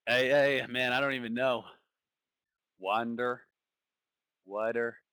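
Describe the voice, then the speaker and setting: A man's voice: mid-range voice, steady tone, slow, sharp tone, smooth, no echo. A man giving casual live commentary on a stock trading stream, thinking aloud and repeating phrases.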